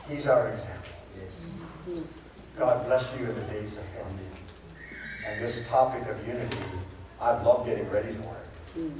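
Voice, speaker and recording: A man preaching a sermon as a pastor, telling stories and asking the congregation rhetorical questions. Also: mid-range voice. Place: church sanctuary. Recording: very echoey church hall, far-off mic, background noise.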